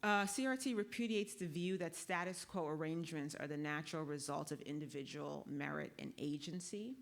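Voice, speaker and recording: Low-voiced woman lecturing on a conference panel. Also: brisk, gravelly. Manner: lecturing in a conversational way, with frequent tag questions; walks the audience through a guided exercise. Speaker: law professor on a conference panel.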